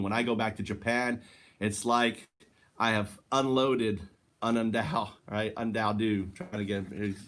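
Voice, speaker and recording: A man rambling through a casual vlog from his own house, laughing often and tagging his sentences with "right?", recorded on a handheld camera indoors. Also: on the low side. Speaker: vlogger.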